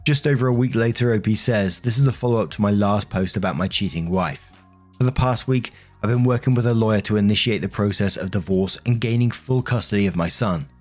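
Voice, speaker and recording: A man narrating written online stories aloud in a steady, scripted reading style. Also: lowish voice.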